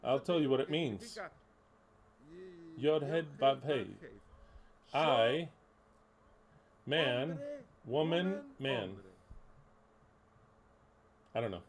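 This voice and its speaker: A man's voice: mid-range voice, expressive, extremely slow, long pauses. Emphatic, blunt male preacher. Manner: emphatic, repeats key words, blunt and profane. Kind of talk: sermon.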